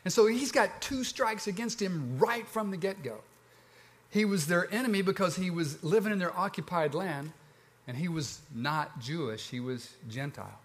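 A man with a Southern accent preaching a sermon, telling the story in a relaxed, conversational way with lively ups and downs. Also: high voice. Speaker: pastor.

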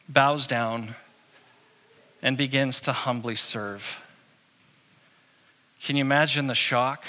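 Bright-voiced preacher in a reverberant hall. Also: male voice, fairly high pitch. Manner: conversational, humorous storytelling. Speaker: pastor. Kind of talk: sermon.

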